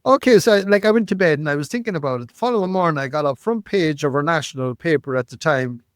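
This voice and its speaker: A man, telling life stories as a podcast guest, animated and repeating words, often tagging lines with "right?". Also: a little high, quick pace, no room sound, clean studio sound. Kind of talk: storytelling interview.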